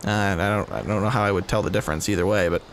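A man's voice: fairly low pitch, racing, slight background noise. A man hosting a let's play, giving casual gameplay commentary with laid-back, profane, giggly asides.

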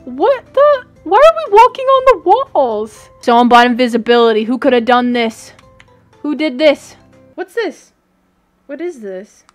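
Excitable high-voiced woman streaming games. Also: unhurried, loud music behind the voice. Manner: excitable, squeals and shrieks, giggly. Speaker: gaming streamer. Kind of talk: casual gaming livestream commentary.

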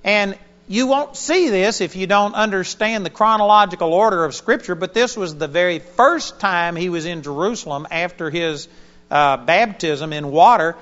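Male preacher, high and lively delivery, sermon taped live in a church auditorium. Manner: animated storytelling, emphatic. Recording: dull lo-fi sermon recording.

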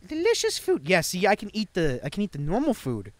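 A man's voice: high voice, wildly swooping pitch, fairly quick, a little hiss or hum. A young man giving casual, profane, jokey commentary while playing a game. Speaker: let's play host.

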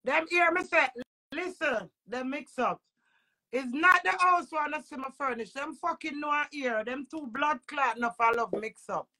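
A woman's voice: high voice, moderate pace, bright, forceful tone. A woman with a Jamaican accent, a vlogger delivering an agitated, repetitive emotional rant full of swearing.

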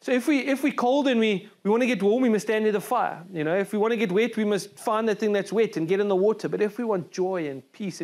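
A man's voice: sits high, a little mellow. A man with a South African accent preaching a sermon as a pastor, in an earnest, conversational way with many restarts and repeated words. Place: church service.

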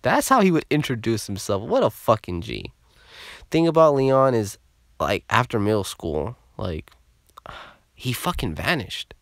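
A young man tells a story in a loose, casual way, swearing freely and getting animated as he goes. His voice sits in an ordinary middle pitch. The sound is close and dry, with no room around it. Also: unhurried, creaky, no room sound. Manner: swearing, animated, laughing through the telling.

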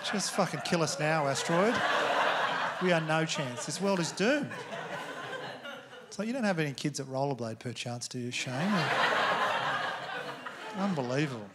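A man's voice: fairly high pitch, lively intonation, moderate pace, pauses often, very noisy. A man with an Australian accent doing a stand-up comedy set, laid-back and laughing through his lines.

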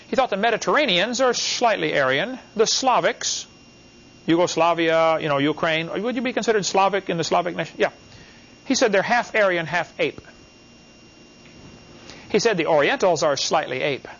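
A man's voice: sits high, fairly bright tone. A man giving a classroom lecture, emphatic, talking in short repeated phrases and asking the class questions. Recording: dull, lo-fi class recording.

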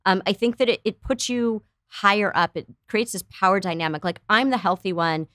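A woman's voice: medium pitch, brisk, a bit bright, no room sound, clean studio sound. Earnest middle-aged woman therapist explaining. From United States. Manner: earnest, explanatory, acts out quoted voices. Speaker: psychotherapist guest. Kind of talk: conversational interview explaining.

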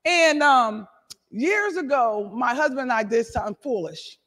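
A middle-aged woman pastor preaching a sermon and giving her testimony, animated, shouting and laughing between lines. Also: fairly high pitch, unhurried. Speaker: apostle and pastor. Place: church sanctuary. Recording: reverberant hall.

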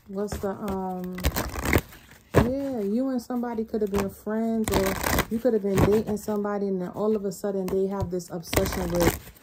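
A woman's voice: mid-range voice, fairly even intonation, normal speed, heavy background noise. A woman giving a casual spiritual tarot reading, talking bluntly and profanely in a loose, rambling way. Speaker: tarot reader.

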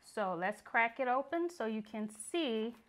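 A woman's voice: fairly high pitch, expressive, measured pace. A woman guest on a talk show who eagerly presents the pastries she makes. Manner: upbeat, presenting her products eagerly. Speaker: guest, bakery owner. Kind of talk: casual talk show chat.

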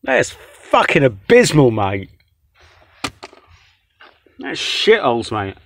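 Reviewing a takeaway meal, a young vlogger with a medium-pitched voice speaks slowly with vocal fry and huge swings in pitch, cursing nonstop and rambling in frustration. His casual rant is captured indoors on a close-held phone or camera, sounding dry and fairly bright.

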